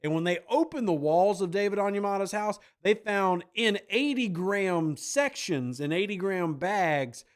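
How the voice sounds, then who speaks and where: A man's voice: high voice, lively intonation, unhurried, hardly any pauses. A man hosting a podcast, joking and sarcastic as he reacts to viewer comments. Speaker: podcast host.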